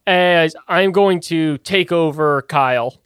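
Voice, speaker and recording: A young man playing in a tabletop game, expressive and playful in his reactions. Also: a little high, slow pace, clear, resonant tone, dry recording, clean studio sound. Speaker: player. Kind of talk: casual tabletop play.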